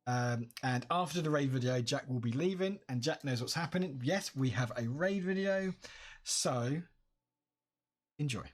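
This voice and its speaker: A man's voice: mid-range voice, lively intonation, normal speed. A tired man chatting casually on a live stream, upbeat and greeting his viewers by name.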